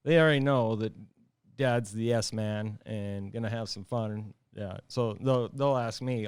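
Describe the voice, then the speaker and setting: Smooth-voiced man, easygoing chat. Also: lowish voice, steady tone, a little slow, no room sound. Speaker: podcast host. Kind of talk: casual podcast chat.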